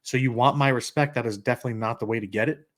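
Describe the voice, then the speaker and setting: A man's voice: medium pitch, very fast. A middle-aged man co-hosting a podcast, talking bluntly and telling stories about managing an office. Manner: blunt, storytelling with acted quotes. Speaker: podcast co-host. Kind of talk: casual podcast conversation.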